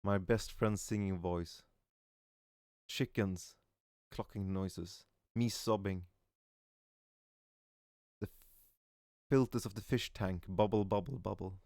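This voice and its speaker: Male meme reader, low and smooth, casual delivery with stumbles and "aw" asides, dry close sound. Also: fairly even intonation, slow, pauses often, dry recording. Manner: reads aloud with frequent stumbles and soft "aw" reactions. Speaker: voice actor reading memes aloud. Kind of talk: casual meme reading with reactions.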